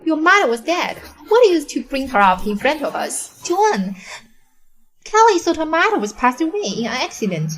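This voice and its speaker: Mean rich girl, mocking, high voice that swings all over. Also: big pitch swings, normal speed, slight background noise. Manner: taunting, mocking. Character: scheming spoiled young rich woman, cruel and gloating.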